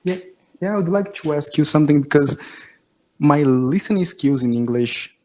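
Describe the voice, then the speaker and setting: A man's voice: a little high, lively intonation, normal speed, a little mellow. Eager male learner on a video call. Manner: eager, polite, lots of agreeing. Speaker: English learner, channel host. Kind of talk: casual video call lesson.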